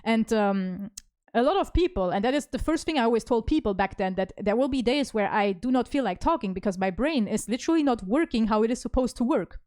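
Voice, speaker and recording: A woman streamer chats casually to her viewers, her voice smooth and clear. The sound is dry and close. She talks in halting bursts with fillers and restarts, and drops sarcastic asides as she goes. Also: on the high side, animated, a little mellow, no room sound. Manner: sarcastic asides while reading messages.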